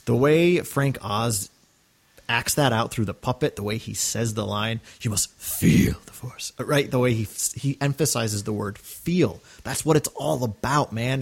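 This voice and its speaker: A man co-hosting a podcast, talking earnestly and enthusiastically in casual chat, with many fillers and restarts. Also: medium pitch. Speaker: podcast co-host.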